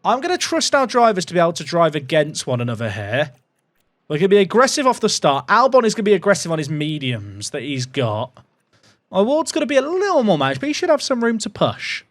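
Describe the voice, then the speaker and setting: A man giving excitable, jokey commentary while playing a racing management game, swinging between hype and quiet muttering. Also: high voice, fairly quick, no room sound. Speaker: gaming YouTuber.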